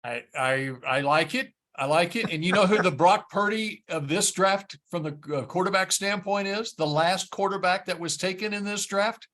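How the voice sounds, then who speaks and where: A man co-hosting a casual football talk show, his voice sitting a little high. He quizzes the others with quick, teasing questions. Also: fairly bright tone. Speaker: co-host.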